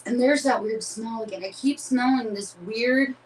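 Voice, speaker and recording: A woman on a live paranormal investigation, talking to her viewers in a hushed, uneasy way while cold and shivering. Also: fairly high pitch, normal speed, distant mic, a little hiss or hum, rough recording.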